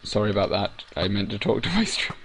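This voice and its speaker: A man's voice: lowish voice, very animated, brisk, background noise. A tired man streaming and co-commentating on a live game match late at night, in loose, giggly banter.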